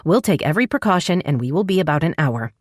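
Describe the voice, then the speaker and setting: A woman voicing a calm, firm woman giving instructions over the phone. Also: deep voice, fast talker, no room sound, clean studio sound.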